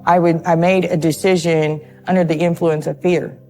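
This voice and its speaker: A nervous woman speaks haltingly in an interview, often repeating her words as she tells her account. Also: fairly low pitch, level tone, darkish tone, soft background music. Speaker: interviewee in a true crime documentary. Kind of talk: emotional interview testimony.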